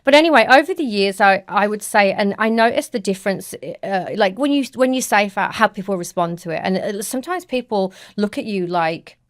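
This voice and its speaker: A British woman hosting a podcast, blunt and animated, often acting out what people say. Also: medium pitch, brisk, hardly any pauses, dry recording, studio quality. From Britain. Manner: blunt, animated, acts out quotes. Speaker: podcast host and fashion stylist. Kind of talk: casual podcast chat.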